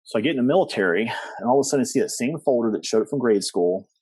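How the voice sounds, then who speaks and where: Middle-aged man, rambly storyteller acting out quotes, dry close sound, husky. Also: mid-range voice, rapid-fire, dry recording. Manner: rambling with many fillers and restarts, animated quoting. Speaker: podcast guest. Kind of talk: storytelling interview.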